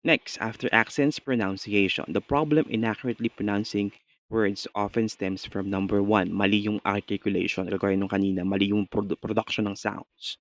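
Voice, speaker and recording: A Filipino-accented male lecturer teaching radio delivery in a conversational tone. He checks in with his listeners often and restarts his phrases. His voice sits fairly low, recorded close and dry. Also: steady tone, brisk, no echo.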